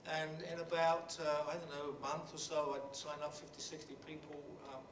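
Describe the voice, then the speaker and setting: A middle-aged Englishman speaks at a panel talk, telling a story in a halting, blunt way with many restarts and fillers. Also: on the high side, level tone. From England. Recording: roomy hall from a distant mic with background noise.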